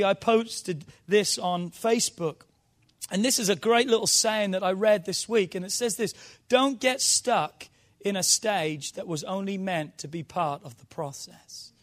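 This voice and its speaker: Sitting high and a touch bright, a pastor's voice leads an emphatic sermon built on call and response, pressing the congregation to answer.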